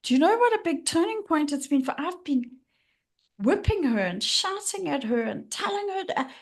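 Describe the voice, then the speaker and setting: A middle-aged woman with a high voice talks as a podcast guest. She speaks with raw frankness about her feelings and laughs now and then between her words. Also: big pitch swings, normal speed. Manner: emotional, frank, laughs while talking. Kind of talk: candid personal conversation.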